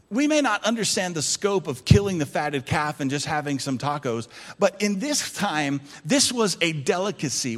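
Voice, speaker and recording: A pastor preaching a sermon in a church, swinging from loud emphasis to hushed tones. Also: male voice, on the high side, big-room sound.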